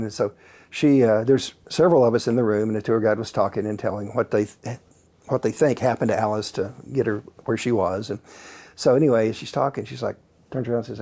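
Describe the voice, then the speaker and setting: A man, a guest author and paranormal researcher, telling stories in a calm, casual way with many fillers. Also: fairly low pitch, fairly quick. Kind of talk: relaxed anecdotal storytelling.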